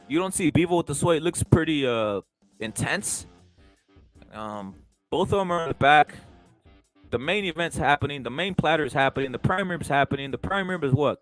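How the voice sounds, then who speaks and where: A man hosting a casual live boxing reaction stream, talking loosely with profanity and excited banter. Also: on the high side. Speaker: host.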